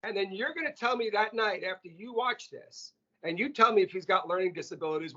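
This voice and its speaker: A man putting on a blunt Greek old father. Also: sharp tone. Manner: booming, lecturing, insistent. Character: proud older Greek father, blunt and defiant. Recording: muffled lo-fi audio.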